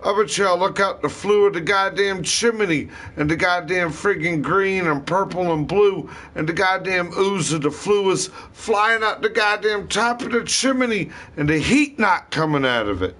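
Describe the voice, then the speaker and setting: A vlogger with a high-pitched, expressive, slightly bright voice rants to camera at normal speed with few pauses. His talk is rambling and disjointed, and he swears constantly.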